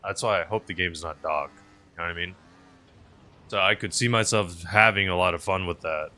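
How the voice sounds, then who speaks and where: Low-voiced chatty man streaming a game. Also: moderate pace. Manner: rambling, chatty, musing aloud; swings between loud bursts and mumbled asides. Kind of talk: casual live-stream commentary while playing.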